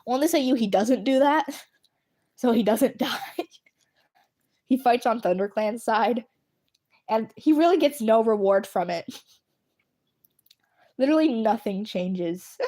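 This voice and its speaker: Giggly, animated woman livestreamer, slightly high voice, speaks straight to her viewers. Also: measured pace, long pauses. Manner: giggly, laughs between sentences. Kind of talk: casual chat.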